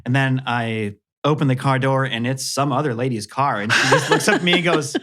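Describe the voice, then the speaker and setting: A man in his thirties, a guest podcast co-host, telling a self-deprecating story in a casual, animated way. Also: medium pitch, a little fast, few pauses.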